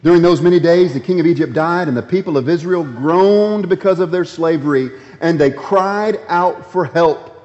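A man preaching a sermon, switching between voiced complaints from scripture and low, quiet asides to the congregation. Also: moderate pace, few pauses. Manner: acts out quoted complaints in raised voice, then drops low and quiet. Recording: dull lo-fi sound in a reverberant hall.

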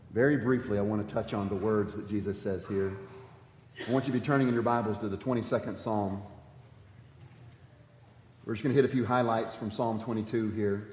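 Man preaching in an echoey hall. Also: medium pitch. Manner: emphatic preaching, swinging from loud to hushed. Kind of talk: sermon. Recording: dull, echoey hall sound.

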